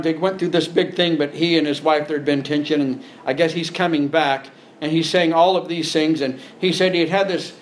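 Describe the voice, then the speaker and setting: A man's voice: fairly high pitch, slight background noise. A man preaching a sermon as a pastor, talking plainly and building to emphatic points. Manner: conversational preaching, rising to emphatic.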